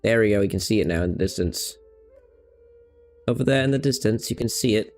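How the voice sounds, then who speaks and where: A man's voice: on the low side, brisk, a little mellow, soft background music. A man giving rambling, playful gameplay commentary at a desk mic, chatting to his cats between moments in the game. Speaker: gamer.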